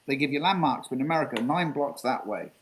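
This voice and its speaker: In this rough recording with slight background noise, an English guest talks fast and expressively in a mid-range voice. He rambles through a lengthy story for a casual interview, swearing and going over the same points again.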